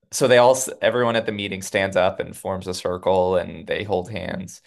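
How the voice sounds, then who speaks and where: Low-voiced man casually recapping a show. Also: moderate pace, creaky. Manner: animated retelling with laughs and playful quotes. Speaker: podcast co-host.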